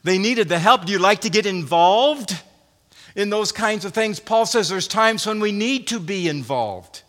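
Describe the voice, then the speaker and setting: A man's voice: high-pitched, lively intonation, unhurried, a bit bright. A man preaching a sermon, emphatic, repeating phrases and restarting often. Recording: long hall reverb.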